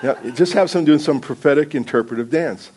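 A man's voice: on the high side, a little fast, background noise. A man speaking as guest preacher in a church, telling loose, self-deprecating stories and laughing often. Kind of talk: casual sermon opening with stories. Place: church sanctuary before a congregation.

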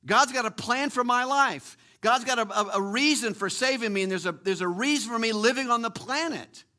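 Emphatic high-voiced male preacher. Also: bright, forceful tone. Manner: emphatic, repeats key words, slows to stress phrases. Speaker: pastor. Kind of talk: sermon.

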